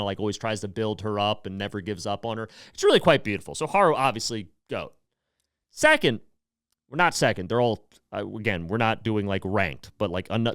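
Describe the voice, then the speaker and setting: A podcast host in his thirties delivers a loose comedic monologue, rambling and swearing as he gets worked up. His smooth, clear, slightly bright voice jumps all over in pitch. The studio-quality recording has no room sound.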